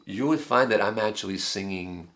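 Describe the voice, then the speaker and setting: A man's voice: fairly low pitch, normal speed, fairly bright tone. A middle-aged man teaching a songwriting workshop, talking in a conversational way and explaining with examples at the piano. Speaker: songwriting instructor. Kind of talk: lecture with piano demonstrations.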